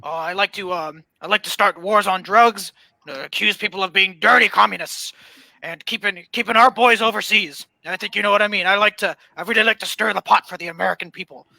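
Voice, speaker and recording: A man doing a gravelly scheming ex-president. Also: high voice, fairly even intonation, a little fast, sharp tone, no echo, heavily acted, low-quality recording. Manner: rambling, conspiratorial, stammers. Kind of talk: comedy sketch.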